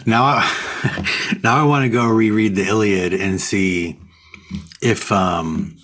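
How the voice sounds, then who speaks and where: A man's voice: fairly low pitch, slow, fairly bright tone. A man co-hosting a podcast, discussing books thoughtfully and casually. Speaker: podcast co-host.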